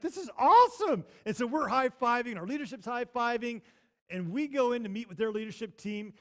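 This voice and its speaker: A pastor preaches in a church sanctuary, shaping his sermon into a story. His high-pitched voice swings animatedly between loud outbursts and quiet asides.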